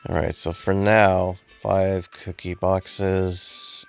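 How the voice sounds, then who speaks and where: A man casually commenting on a game he is playing, relaxed and hesitant with many fillers, sounding sleepy. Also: sits low, very slow, creaky, soft background music. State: sleepy, yawning. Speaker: gameplay video host.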